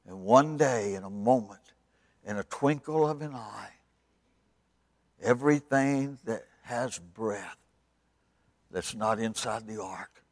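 Dramatic revival preacher, dry sound. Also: male voice, fairly low pitch, takes it slowly, pauses often, no echo. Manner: dramatic storytelling, swinging loud to hushed. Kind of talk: sermon.

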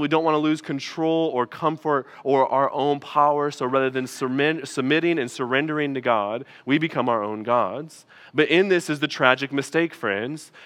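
A male pastor preaching a sermon in a relaxed, conversational way, with frequent asides to the congregation. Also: fairly high pitch. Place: church.

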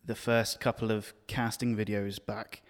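A man's voice: lowish voice, little pitch movement, a little slow, long reverb tail. A man chatting casually and agreeably. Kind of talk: casual chat.

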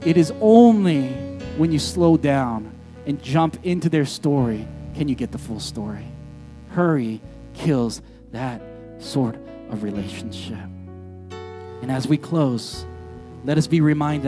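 A man preaching a sermon as pastor, emphatic and animated, moving between loud urgent lines and quiet, slow ones. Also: mid-range voice, over music.

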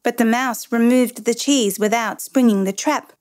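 A stern, dry-humored French father speaks in measured, firm sentences from a storybook. A woman narrator voices him. His calm carries quiet irony. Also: a little high, dry recording, close to an everyday voice.

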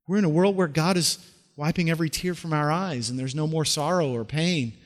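A middle-aged man preaching a sermon, conversational and animated, with rhetorical questions and frequent restarts. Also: fairly high pitch, fairly quick, big-room sound. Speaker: pastor.

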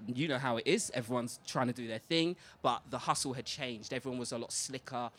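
A man's voice: mid-range voice, fairly quick, fairly bright tone. A man on a live panel, telling his career story in a casual, slangy way. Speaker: panel guest, presenter. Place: live event venue.

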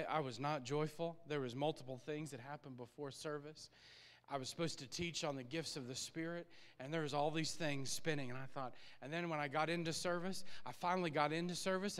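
Man, pastor, sermon, bright forceful voice, animated, laughing, long church reverb. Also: fairly high pitch. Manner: animated, laughing often, acts out his own prayers.

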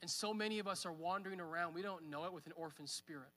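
A man's voice: sits high, quick pace, sharp tone, long reverb tail. A man in his thirties preaching a sermon at church, conversational, with fillers. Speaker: pastor. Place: church hall.

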